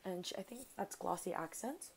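Woman, casual gushing unboxing chat, some vocal fry, faint background noise. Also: mid-range voice, expressive, brisk. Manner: gushing, chatty, talks to the sender as "girl". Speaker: crafting vlogger.

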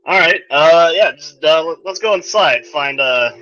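A man voicing a relaxed, friendly middle-aged lord who tends his garden. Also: fairly high pitch, normal speed, pitched above the performer's own voice. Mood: easygoing. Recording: dull lo-fi recording, faint music.

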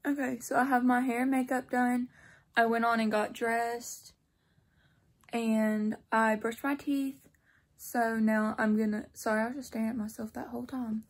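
Husky-voiced tired teenage girl. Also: a little high, little pitch movement, normal speed. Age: teens. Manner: chatty, rambling, apologetic asides. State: sleep-deprived and tired. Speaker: vlogger. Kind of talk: casual vlog talk to camera. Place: at home.

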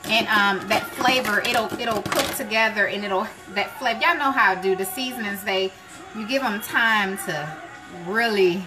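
A woman hosts a live cooking stream in a chatty, casual way, talking straight to her viewers. She bursts into joyful shouts of praise now and then. Gospel music plays clearly behind her. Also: medium pitch, moderate pace. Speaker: cooking show host. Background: gospel music playing.

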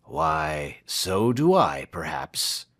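Man doing a moody, indebted young gentleman. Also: on the low side, sing-song, slow, heavily acted. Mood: impatient. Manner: quiet, impatient.

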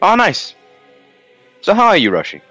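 A man's voice: high-pitched, wildly swooping pitch, normal speed, sharp tone, faint music behind. A man from London, casting a game tournament in a rambling, jokey way and laughing often. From London, England. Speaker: tournament caster. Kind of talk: casual game commentary.

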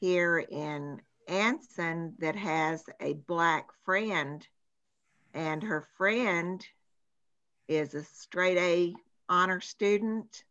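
A woman's voice: fairly low pitch, extremely slow, a bit bright, dull audio. An older woman with grandchildren, speaking hesitantly with fillers as a class participant on a video call.

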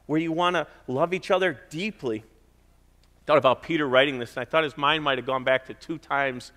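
A man's voice: fairly high pitch, moderate pace, sharp tone, long reverb tail. A middle-aged man preaching a sermon in a conversational way, stressing points by repeating them. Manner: conversational preaching with emphatic repetition. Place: church.

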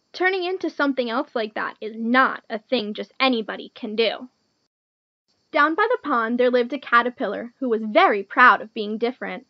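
High, lively woman reading to kids. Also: no echo, lo-fi sound. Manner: clear, gentle, teacherly to children. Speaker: storytime reader. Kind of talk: children's picture-book read-aloud.

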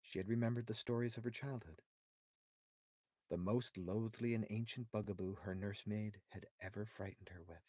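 A man reading a storybook aloud for young students in an expressive, deliberate way. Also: on the low side, husky, no room sound. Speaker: narrator.

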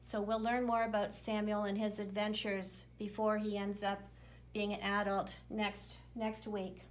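A woman leading children's worship, reading a Bible story aloud in a gentle storytelling manner with occasional fillers. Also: medium pitch, flat delivery, measured pace, poor audio.

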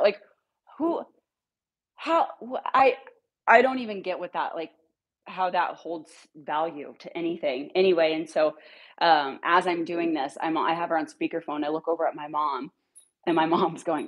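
A woman's voice: on the low side, normal speed, slightly rough. A woman who runs a dog rescue, telling a heated story to her followers in a blunt way and swearing freely.

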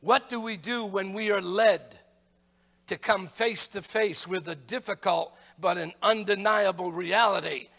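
Pastor, male, very high and bright voice, slow emphatic preaching. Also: gravelly. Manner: emphatic preaching, rising to shouts on rhetorical questions. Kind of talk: sermon. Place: church sanctuary. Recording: long church hall reverb.

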